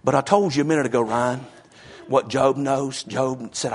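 A man preaching a sermon, swinging from shouted fervor to a hushed murmur. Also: medium pitch, steady tone, moderate pace.

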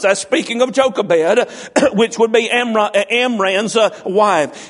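A man's voice: sits high, unhurried. A man preaching a sermon, folksy and fervent, reading scripture and speaking directly to the congregation. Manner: folksy, fervent, many "uh" fillers.

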